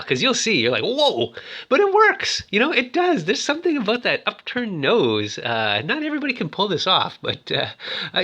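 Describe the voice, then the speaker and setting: A man's voice: high-pitched, bright, forceful tone. A man casually recapping a film, rambling and chatty, and acting out the characters' lines as he goes. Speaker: movie recap host.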